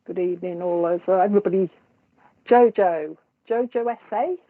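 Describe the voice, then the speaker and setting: A woman's voice: lowish voice, moderate pace. A woman, a psychic medium hosting a live stream, chatting casually with viewers and laughing often between remarks. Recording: tinny phone-like sound.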